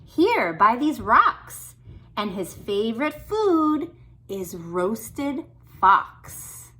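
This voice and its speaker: A woman voicing a small, clever, polite mouse in a read-aloud storybook, with a high squeaky voice. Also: very animated, very slow, bright, forceful tone, heavily acted. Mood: cheeky, confident.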